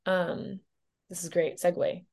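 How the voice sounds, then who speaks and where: A woman's voice: lowish voice, level tone, gravelly, darkish tone. Chatty woman guest who laughs often. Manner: chatty, quick laughs, many fillers. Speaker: guest teacher. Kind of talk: casual podcast chat.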